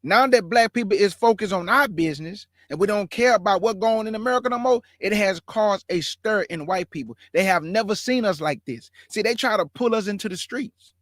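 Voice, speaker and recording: With lively intonation and barely a pause, a man with a notably high voice speaks fairly quickly as host of his own show, giving fiery, sermon-like commentary. He repeats points emphatically, and the close, dry sound has a fairly bright tone with no echo.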